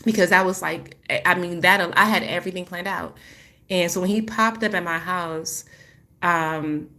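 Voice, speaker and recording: A woman vlogger telling a painful personal story in a halting, emotional way, full of restarts, then turning to encouragement for her viewers. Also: lowish voice, fairly even intonation, bright, forceful tone. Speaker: spiritual healing vlogger.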